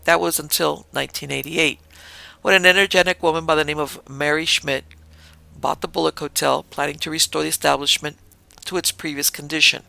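A man hosting a podcast, narrating a scripted ghost story in a measured, dramatic way. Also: a little high, fairly even intonation, vocal fry, pushed and bright, dry recording.

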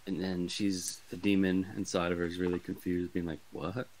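A man's voice: sits low, completely flat delivery, fairly quick, darkish tone, poor audio. A man co-hosting a podcast, recapping a movie's plot casually with dry, sarcastic quips. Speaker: podcast co-host. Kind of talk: casual movie review chat.

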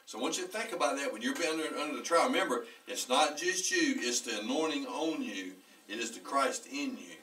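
Pastor, bright voice, distant mic. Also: male voice, medium pitch, brisk. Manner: animated, laughing storyteller. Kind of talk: storytelling sermon with congregation. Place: church hall. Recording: distant church recording.

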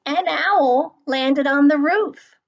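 A woman reads a children's picture book aloud, taking her time over every phrase. Her voice is fairly high with a gravelly, creaky texture. The recording has a slightly dull, lo-fi sound. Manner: slow, clear storytelling. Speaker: school librarian reading aloud.

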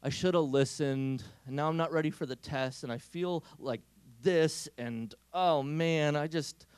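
A man's voice: a little high, a little slow, darkish tone, clean tone, no room sound, natural voice. A man voicing a young female nursing student who regrets partying before a test, in a whiny, self-reproaching ramble. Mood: regretful.

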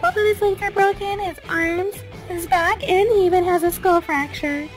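A woman voicing a calm female hospital doctor, measured and reassuring, in a toy play video. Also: very high-pitched, over music.

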